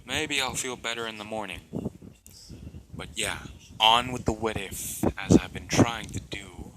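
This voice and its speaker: A man's voice: fairly low pitch, a little slow, background noise. A tired man narrating an improvised story at home, rambling with many fillers. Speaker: storyteller and video maker.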